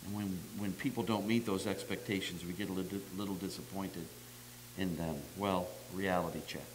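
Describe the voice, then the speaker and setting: A man's voice: sits low, fairly even intonation, normal speed, a little hiss or hum, poor audio. A man preaching a sermon as pastor, in a conversational, folksy manner with self-deprecating humor, acting out the dialogue of the story.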